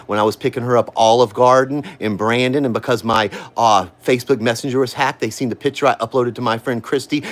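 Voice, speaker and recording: A man with a drawl rants into his phone from home, his voice sore and worn from an hour of screaming. He is confrontational and accusing, hammering the same name again and again. His pitch sits at an ordinary middle height. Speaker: livestream host. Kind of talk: angry livestream rant. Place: at home, indoors.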